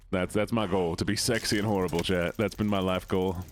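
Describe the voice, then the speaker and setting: A man hosting a live gaming stream in casual, teasing chat, laughing often and talking to his viewers. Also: low-pitched. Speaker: streamer and host. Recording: steady background noise.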